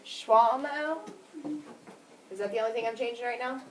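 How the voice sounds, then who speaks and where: A woman teacher with a high voice quizzes her class patiently, working through each step. She sounds distant from the camera mic, and the classroom recording carries a clear layer of noise. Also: a little fast. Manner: patient, questioning, drills students step by step. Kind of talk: classroom phonics lesson.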